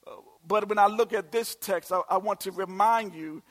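A man in his forties preaching a sermon, calling out to the congregation and swinging from soft asides to shouted lines. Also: high-pitched, normal speed. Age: 40s. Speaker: pastor.

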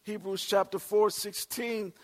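A man in his forties preaching a sermon, calling out to the congregation and swinging from soft asides to shouted lines. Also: sits high, fairly even intonation, unhurried. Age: 40s. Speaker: pastor.

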